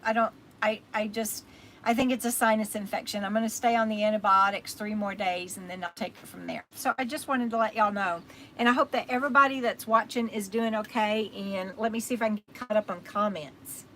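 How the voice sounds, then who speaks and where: Chatty Texan woman, bright voice. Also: fairly high pitch, slight background noise, poor audio. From Texas. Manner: rambling, chatty, loses her train of thought, thanks commenters by name. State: tired and recovering from illness. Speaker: livestream host. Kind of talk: casual live-stream chat.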